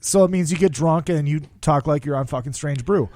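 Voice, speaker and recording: A man's voice: fairly high pitch, brisk, mellow, no echo. A man hosting a podcast, bantering with his guest in a joking, profane way. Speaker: podcast host. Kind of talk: casual podcast chat.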